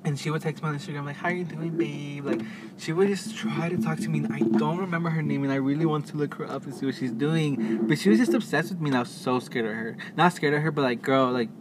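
A young man co-hosting a podcast, chatting casually and telling animated stories with acted-out quotes. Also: on the high side, fast talker. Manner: animated storytelling, playful, acts out quotes. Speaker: podcast co-host. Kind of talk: casual chat. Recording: noisy, corrupted mic audio.

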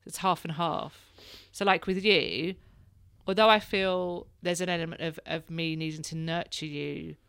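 A woman's voice: lowish voice, steady tone, measured pace, creaky, a bit bright, clean tone, dry recording, clean studio sound. A woman in her thirties, hosting a casual chat and telling candid stories, laughing now and then. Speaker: podcast host, mother.

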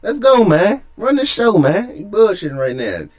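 High, lively man teasing his co-host. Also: moderate pace. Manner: teasing, profane, pushy and animated. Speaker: podcast co-host. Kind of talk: casual heated sports talk.

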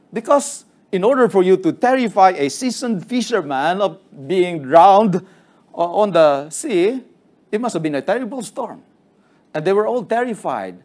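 High-voiced man preaching a sermon. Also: darkish tone. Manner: storytelling with acted quotes, earnest.

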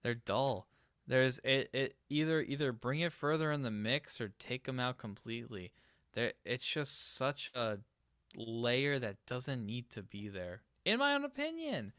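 A man's voice: medium pitch, expressive, measured pace, a bit bright, clear, resonant tone, no room sound, clean studio sound. A man co-hosting a music podcast, chatting casually, blunt and opinionated, often trailing off into hedges. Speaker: podcast co-host. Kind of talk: casual chat about music.

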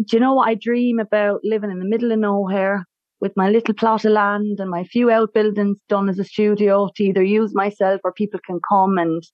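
A talkative Irish woman with a Tipperary lilt chats freely as an interview guest, breaking into laughter often. Her voice sits at an ordinary pitch and comes over a dull, lo-fi line. The sound is dry, with no room around it. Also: a little mellow, no room sound. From Ireland. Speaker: guest, singer. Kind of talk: casual interview chat.

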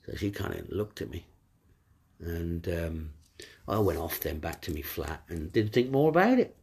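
A man's voice: sits low, animated, moderate pace, a little mellow, a little hiss or hum. A man telling a personal story in a casual, rambling, wry way, with many fillers and restarts.

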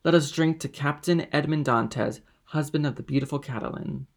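A man voicing a scheming, envious ship's officer, smooth and calculating in manner. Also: a little high, brisk. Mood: sly.

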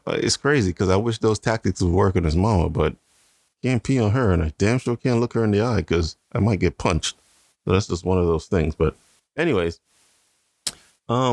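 A man's voice: on the low side, fairly quick, darkish tone, no echo. A man co-hosting a casual chat, a father bragging in a playful, mock-serious way. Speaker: podcast co-host, father.

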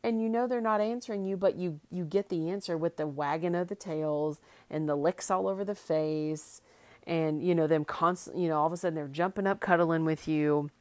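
Low-voiced woman musing aloud. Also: fairly even intonation, normal speed, no echo. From Arkansas, US South. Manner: rambling, many fillers and restarts. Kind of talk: casual heartfelt monologue.

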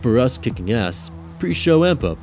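A man's voice: medium pitch, very animated, moderate pace, a little mellow, faint music behind, voice pushed up. A man voicing a stressed young drummer who rants irritably about his band. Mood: grumbling. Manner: irritable, ranting.

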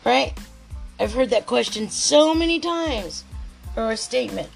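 Gravelly woman ranting, swearing. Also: on the high side, animated, unhurried, soft background music, rough recording. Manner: heated, swears constantly, restarts thoughts. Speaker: podcast host. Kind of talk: rambling profane monologue.

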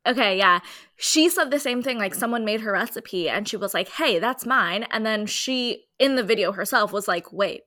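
A woman's voice: on the high side, moderate pace, sharp tone. A woman co-hosting a podcast, chatting casually in a playful, joking way and laughing a lot. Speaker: podcast co-host. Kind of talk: casual chat.

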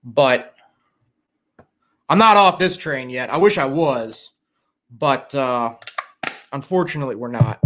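A man's voice: medium pitch, slow pace, pauses often, fairly bright tone, a little hiss or hum. Tired, swearing man streaming live. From Chicago area. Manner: rambling, profane, tired. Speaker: livestream host. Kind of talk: casual livestream chat.

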